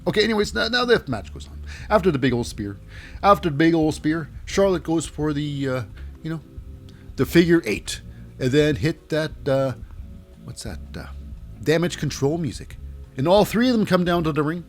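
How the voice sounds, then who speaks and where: A man's voice: fairly high pitch, moderate pace, soft background music. A man casually recapping a wrestling show, rambling with many fillers and self-corrections. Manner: rambling, filler-heavy, animated.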